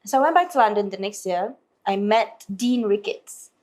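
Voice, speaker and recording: A woman from Malaysia, a singer, recounts stories as an interview guest at a moderate pace and medium pitch. Lively throughout, she acts out what other people said in put-on voices.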